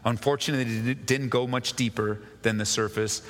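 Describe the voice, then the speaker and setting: A male pastor giving an expository sermon, reading scripture slowly and then explaining it with rhetorical questions. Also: mid-range voice, fairly even intonation, a bit bright, long reverb tail.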